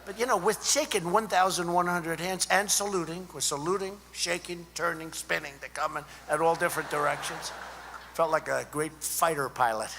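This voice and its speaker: A man's voice: a little high, moderate pace, gravelly, bright, forceful tone. A man giving an off-the-cuff speech at a student conference, rambling and repetitive with many asides to the crowd. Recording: echoey hall with faint hum.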